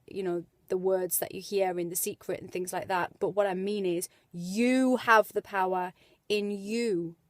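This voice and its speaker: A woman's voice: medium pitch, no echo. A woman, chatting in a casual motivational vlog with lots of fillers. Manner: chatty and animated, with many fillers. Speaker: vlogger. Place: indoors as light fades.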